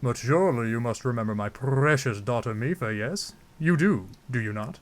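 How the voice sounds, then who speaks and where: A man's voice: mid-range voice, lively intonation, normal speed, natural voice. King Dorephan, a man doing a stately fish-king. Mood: regal. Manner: formal, stately old-fashioned speech. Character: huge, booming old fish-king, courteous and regal.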